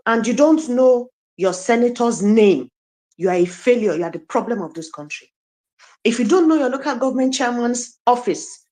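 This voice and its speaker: A woman's voice: on the high side, warm tone. Woman, fired-up public speaker, hammers rhetorical questions at the room. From Nigeria. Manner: emotional, preachy, rhetorical questions. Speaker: guest speaker. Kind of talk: impassioned speech in an online audio chat room.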